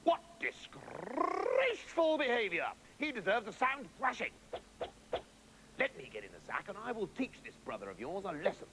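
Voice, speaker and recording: A man's voice: sits high, wildly swooping pitch, moderate pace, background noise, exaggerated voice. A man voicing a stern, pompous old schoolteacher.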